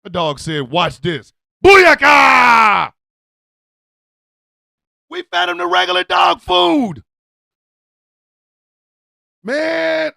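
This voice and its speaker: A male radio host with a strikingly high, gravelly voice that leaps all over the place. He drags his words out slowly in a dry, close sound, yelling and cursing through a comic rant. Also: no room sound.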